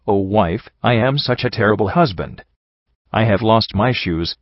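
A man's voice: fairly low pitch, unhurried, dry recording. A man voicing a good but silly male zebra who frets and pities himself, in a dry, dull recording. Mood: self-pitying. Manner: self-pitying, fretting.

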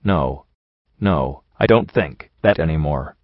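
A man doing a gentle soft-spoken pony mare. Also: a bass voice, lively intonation, slow, dry recording, muffled recording, pitched below the performer's own voice, heavily acted. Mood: soothing. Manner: soft, soothing, hushing.

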